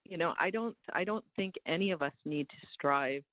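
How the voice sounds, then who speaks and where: A man's voice: fairly high pitch, normal speed, no room sound. A man on a webinar panel, sharing advice in a reflective way. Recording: tinny phone-like line.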